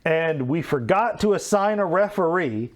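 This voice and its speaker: A man's voice: a little high, expressive, a little slow, heavy background noise. Candid self-critical man commenting on footage. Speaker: show host. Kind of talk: casual match commentary.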